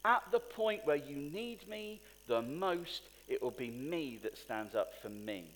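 A man's voice: a little high, a little slow, a little hiss or hum. A man preaching a sermon to a congregation, asking them questions and building to emphatic points. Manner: animated, rising to emphatic peaks, asks the congregation questions. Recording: long hall reverb.

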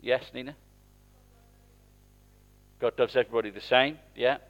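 A man's voice: mid-range voice, steady tone, moderate pace, dull audio. A man preaching in church, speaking conversationally and asking the congregation questions. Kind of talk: interactive sermon.

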